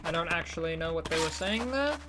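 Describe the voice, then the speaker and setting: A man's voice: a little high, expressive, fairly quick. A man streaming a video game, making casual asides and reading the story text aloud. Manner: casual, mumbling asides while playing.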